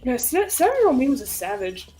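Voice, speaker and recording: Animated young woman telling stories. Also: sits high, fast talker, very noisy. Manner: animated, laughing, swears freely, acts out quotes. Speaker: streamer. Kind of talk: casual storytelling chat.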